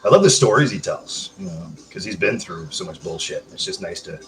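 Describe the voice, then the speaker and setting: A man's voice: low voice, sing-song, fairly quick, gravelly, a bit bright. Male streamer, casual home live-stream chat, crude and joking with viewers.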